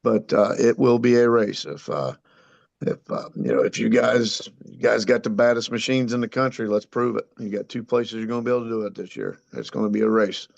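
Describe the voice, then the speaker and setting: A man's voice: lowish voice, lively intonation, a little fast, gravelly, lo-fi sound. A man co-hosting a podcast, casually hyping an upcoming race with lots of hesitant fillers. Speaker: podcast co-host, race promoter. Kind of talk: casual chat.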